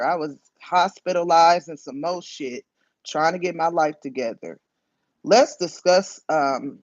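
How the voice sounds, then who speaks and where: In this dull, dry lo-fi phone recording with no echo, a woman with a low-sitting voice runs a casual livestream. She talks bluntly and with emphasis, cursing frequently.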